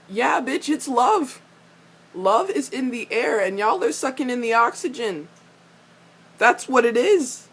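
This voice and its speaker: A woman's voice: unhurried, breathy edge. A young woman giving a casual fan recap of a TV episode, gushing and ranting at the characters, swearing freely and laughing often. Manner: excitable, swears a lot, gushes and rants at characters; laughs often, squeals high when excited. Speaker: fan reviewer reacting to a TV episode.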